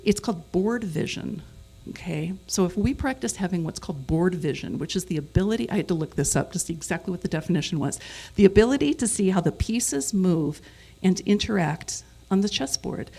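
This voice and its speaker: Middle-aged woman, guest preacher; low, creaky voice, conversational, leads call-and-response. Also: expressive, brisk, dark tone. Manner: conversational, with self-corrections. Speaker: guest speaker. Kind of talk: sermon.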